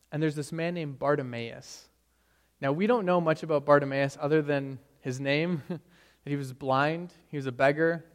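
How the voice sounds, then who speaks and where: A man preaching a sermon in an earnest manner, rising for emphasis and dropping low on key phrases. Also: big-room sound. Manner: earnest, rising and falling emphasis, occasional stumbles. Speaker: pastor.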